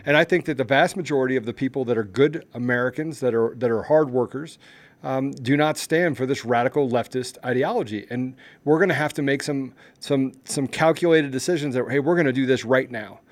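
A man's voice: medium pitch, brisk. A man co-hosting a political podcast, talking with fervent, repetitive urgency that rises in intensity. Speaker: podcast co-host. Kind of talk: impassioned political commentary.

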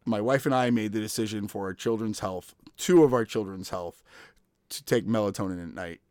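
A man's voice: lowish voice, fairly quick, a little mellow, clean tone, dry recording, clean studio sound. A man in his thirties hosting a podcast, telling stories in casual chat, laughing often and acting out quoted voices. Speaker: podcast host.

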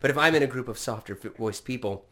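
Loud outgoing Californian man, rocker rasp. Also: mid-range voice, fast talker. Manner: loud, outgoing, swearing, rambling restarts. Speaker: podcast host, voiceover actor. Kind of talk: casual chat.

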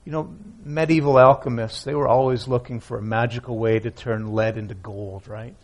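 A man preaching a sermon as pastor, reading scripture aloud and swinging from loud emphatic lines to hushed, near-whispered ones. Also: mid-range voice, steady tone, normal speed. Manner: reads scripture aloud with feeling.

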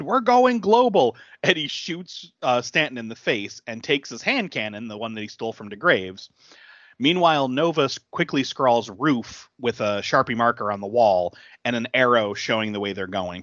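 A man tells a film's plot in a relaxed, animated way, his pitch leaping up and down as he acts out quoted lines. The recording is dry and slightly dull, like a home podcast mic. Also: normal speed, dry recording. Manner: animated retelling, jumps up in pitch for quoted characters, laughs often. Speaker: podcast co-host. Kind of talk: casual movie recap.

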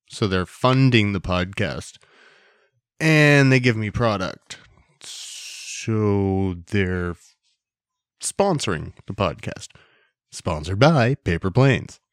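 A man's voice: lowish voice, no echo, studio quality. A man hosting a solo podcast in a casual, rambling, joking way, swearing now and then and coughing between lines. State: hiccuping and coughing. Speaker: podcast host.

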